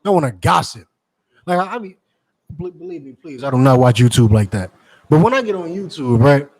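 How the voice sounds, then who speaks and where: A man delivering a forceful sermon to his members, repeating points and asking rhetorical questions. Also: a little high, dry recording, poor audio. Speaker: teacher addressing members. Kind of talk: street-preacher style sermon.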